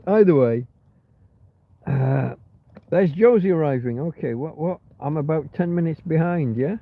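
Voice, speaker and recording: A middle-aged man chats casually on his own livestream, rambling as he reads out viewers' messages and swears freely. His voice sits a little high and sounds husky. The sound is thin and tinny, like a phone line. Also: measured pace, long pauses, dry recording. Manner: rambling, swears a lot, reads chat aloud. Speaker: livestream host. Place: in bed in a van or caravan.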